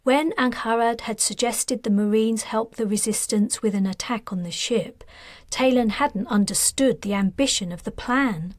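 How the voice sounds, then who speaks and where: A woman, the author, narrating her own science fiction novel in a steady, measured storytelling voice. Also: on the high side, no room sound, studio quality. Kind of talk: scripted audiobook narration.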